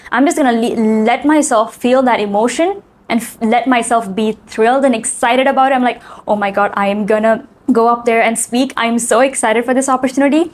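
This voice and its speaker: A woman's voice: fairly high pitch, a little hiss or hum. A woman talking to camera in a casual, earnest self-help video, often saying "like" and "right?". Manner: chatty, earnest, frequent "like" and "right?".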